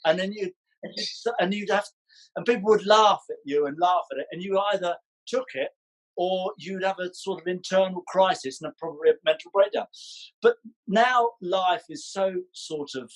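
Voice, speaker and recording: Chatty man, husky voice. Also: high-pitched, moderate pace, poor audio. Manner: chatty, animated storyteller, playful. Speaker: podcast guest, ballroom dancer. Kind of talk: casual chat.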